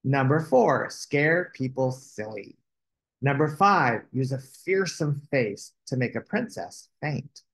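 Male storybook reader, unhurried, sing-song, for kids' read-alouds. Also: mid-range voice. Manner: slow, expressive storytelling. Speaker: children's book reader.

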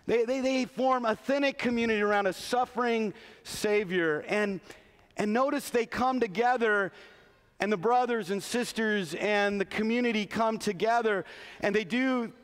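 A middle-aged pastor with a high-pitched, clear, resonant voice preaches at normal speed in a large church sanctuary. He is earnest and frequently restarts phrases, and the recording carries a church hall's long reverb.

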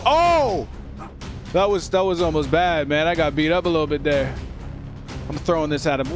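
Over the game's music, a gaming channel host delivers let's play commentary, excitable and joking as he chats to the characters. His voice sits a little high and he speaks briskly.

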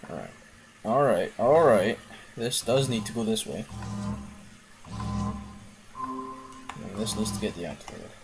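Excitable man commentating a game. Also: fairly low pitch, slow pace, vocal fry, long pauses, music in the background. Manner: excitable, swears and exclaims while playing. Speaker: gaming video host. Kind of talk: casual let's-play commentary.

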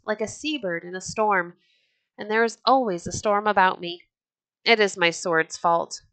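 A woman with a mid-range, sharp-toned voice reads the lines of a bold, hot-tempered yet jovial red-bearded Viking chieftain in a hearty, boastful storybook manner. The mood is boisterous, and the dry recording has poor audio quality.

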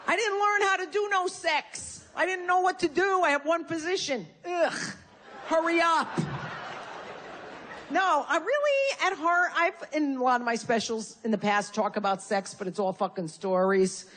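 A woman's voice: sits high, normal speed, few pauses, fairly bright tone, slight background noise. Brash profane woman doing stand-up. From Connecticut, USA. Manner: brash, profane, punchy insult comic. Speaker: stand-up comedian. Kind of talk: stand-up comedy set. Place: live comedy venue with audience.

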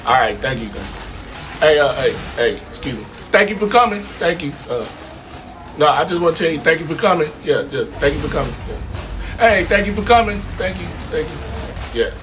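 A man voicing a dutiful male dog who keeps thanking visitors in a low, soft voice. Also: expressive, normal speed, noisy background, lightly acted. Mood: courteous.

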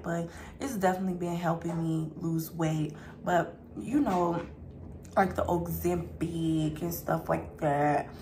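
Gravelly-voiced woman chatting through a meal. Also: fairly low pitch, darkish tone, slight background noise. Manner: chatty, talks to viewers as y'all, burps between bites. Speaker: mukbang vlogger. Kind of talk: casual chat while eating.

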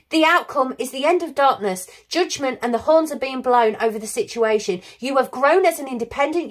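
Effusive high-voiced woman reading tarot. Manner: effusive, encouraging, emotional. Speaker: tarot reader. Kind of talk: recorded tarot reading to viewers.

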